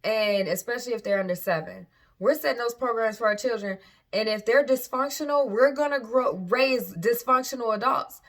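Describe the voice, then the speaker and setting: A woman's voice: on the high side, moderate pace. A woman vlogger and parent talking casually to camera, candid and frank, often stopping to backtrack and restart.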